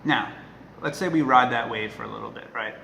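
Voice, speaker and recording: A man talking casually to the camera as a dog trainer, earnest and emphatic, often checking in with a quick "right?". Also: medium pitch, vocal fry, pushed and bright. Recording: echoey room with faint noise.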